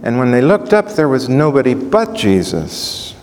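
A man's voice: mid-range voice, moderate pace, few pauses, slight background noise. A male preacher teaching from the Bible, asking questions as he goes. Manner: animated, asks the audience questions. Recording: echoey hall.

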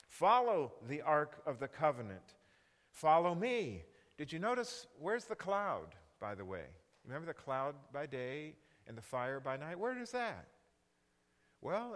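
Man, sermon, Bible teaching, slightly high voice, animated questioning, reverberant hall. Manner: animated, asks the audience questions.

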